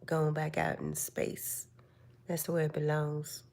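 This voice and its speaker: Older lady on a live stream, real slow, kinda low voice, gentle motherly advice. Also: very animated, gravelly. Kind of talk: casual live stream chat.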